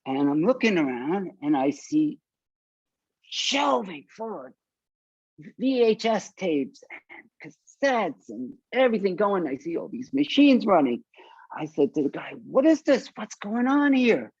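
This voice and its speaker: Unhurried and slightly high-voiced with a breathy edge, an older punk singer from South Florida animatedly recounts stories in an interview, voicing the characters he quotes. There's no echo, and the highs are cut off.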